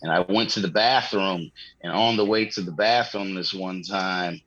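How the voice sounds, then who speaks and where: Male comedian guest, husky low voice, loose slangy storyteller. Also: moderate pace, a bit bright, dry recording, dull audio. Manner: rambling, slangy, swears, laughs often. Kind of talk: casual podcast storytelling.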